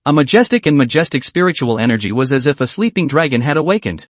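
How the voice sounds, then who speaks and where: Male recap narrator, lively delivery, dry and close. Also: mid-range voice, quick pace, no echo. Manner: reads with small restarts.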